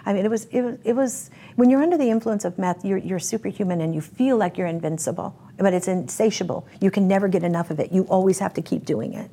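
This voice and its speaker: A woman's voice: mid-range voice, fast, hardly any pauses, mellow, a little hiss or hum. A woman giving a candid interview, telling her story bluntly and vividly. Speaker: interview guest.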